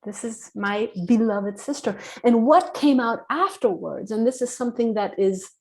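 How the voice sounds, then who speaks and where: A woman telling a personal story as a podcast guest, earnest, acting out dialogue in a hushed voice. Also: on the high side, normal speed.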